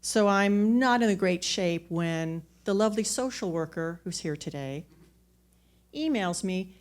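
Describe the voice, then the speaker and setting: Woman with a lowish voice telling her own story on stage, candid, pokes fun at herself, stumbles and restarts. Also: expressive, unhurried. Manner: candid, self-mocking, with repeated restarts. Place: theater stage.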